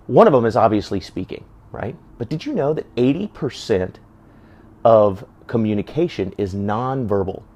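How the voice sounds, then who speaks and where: A man's voice: medium pitch, a little mellow, dull audio. A man giving casual advice to camera, talking conversationally and asking lots of rhetorical questions. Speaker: self-help video host.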